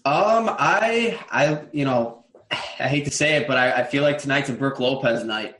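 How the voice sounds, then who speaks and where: A man giving casual sports picks as a podcast guest, relaxed and repeating words as he thinks. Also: medium pitch, moderate pace, reverberant.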